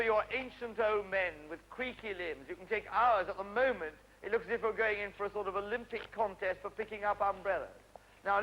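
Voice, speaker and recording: A man directing actors at an outdoor play rehearsal, stopping them briskly to correct their delivery and staging. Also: sits high. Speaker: drama teacher directing a rehearsal. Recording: dull, faintly noisy 1970s archive recording.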